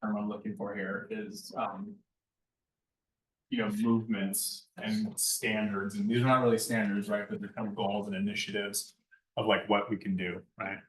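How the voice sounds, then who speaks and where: A man's voice: lowish voice, little pitch movement, moderate pace. Lecturing man, echoey and far off. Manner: conversational, keeps asking "right?". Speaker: lighting design instructor. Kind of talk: classroom lecture. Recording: echoey room, far from mic.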